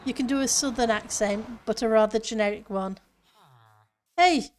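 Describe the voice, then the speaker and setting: A woman's voice: on the high side, normal speed, a little hiss or hum. A woman streamer chatting casually with her viewers and answering chat while she plays a building game. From northern part of her country.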